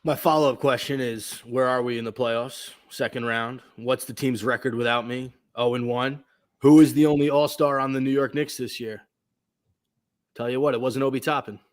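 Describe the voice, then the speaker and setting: A man putting on a cocky, boastful basketball star, a little lower than his usual voice. He fires back with smug, self-assured comebacks. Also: fairly even intonation, normal speed, natural voice.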